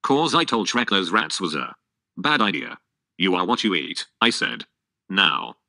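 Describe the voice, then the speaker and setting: A man's voice: sits low, unhurried, creaky, dry recording, clean studio sound, heavily acted. A male computer voice reading a chatty donkey. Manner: flat synthetic reading, no acting. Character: talkative male donkey, jittery and blunt. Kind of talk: text-to-speech script reading.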